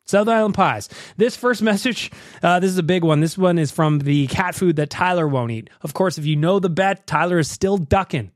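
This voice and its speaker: A man's voice: sits high, expressive, moderate pace, no echo, clean studio sound. A man hosting a podcast, ranting with profanity and reading sponsor plugs. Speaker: podcast host.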